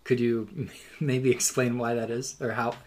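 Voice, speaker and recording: A man's voice: medium pitch, flat delivery, unhurried, darkish tone, slight background noise. A man co-hosting a podcast in casual chat, playful and often laughing as he talks. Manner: playful, laughs while talking. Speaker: podcast co-host.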